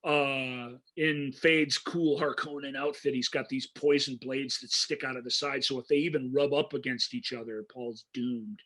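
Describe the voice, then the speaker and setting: A man's voice: mid-range voice, normal speed, few pauses. A man co-hosting a podcast, chatting casually about a film and acting out its lines with gusto. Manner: animated, acts out lines from the film. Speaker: podcast co-host. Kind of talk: casual movie discussion.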